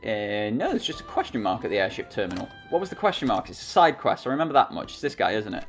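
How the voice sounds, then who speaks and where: Chatty, self-mocking man with a lively voice. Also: fairly low pitch, brisk, few pauses, faint music behind. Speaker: gaming channel host. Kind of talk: casual game commentary. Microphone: desktop USB microphone.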